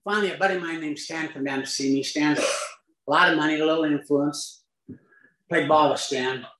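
A man's voice: on the high side, steady tone, normal speed, sharp tone. Wry older man, echoey room. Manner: wry, self-mocking humor, chuckling at his own story. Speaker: recovery speaker. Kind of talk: storytelling talk to a live audience.

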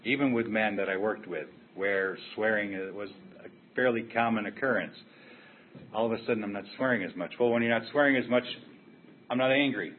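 An older man telling his own recovery story at a meeting, candid and blunt in a conversational way. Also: on the low side. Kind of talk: personal recovery share. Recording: tinny phone-like sound with faint hiss.

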